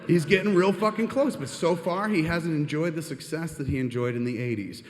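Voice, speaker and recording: A man's voice: fairly high pitch, a little fast, a little mellow, slight background noise. Profane rambling man telling stories on stage. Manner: profane, rambling, self-deprecating. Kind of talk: comedic storytelling monologue. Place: live venue stage. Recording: reverberant live hall.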